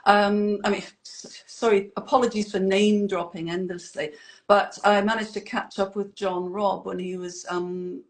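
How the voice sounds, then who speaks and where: A woman's voice: fairly low pitch, creaky. A woman in a band, chatting casually as an interview guest with rambling, self-deprecating asides.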